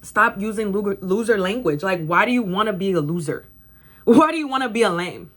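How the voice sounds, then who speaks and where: A woman's voice: medium pitch, animated, a little fast. A young woman in her twenties vlogging at home to camera, giving a blunt, sassy motivational talk and swearing freely. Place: bedroom at home, indoors. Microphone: camera facing her.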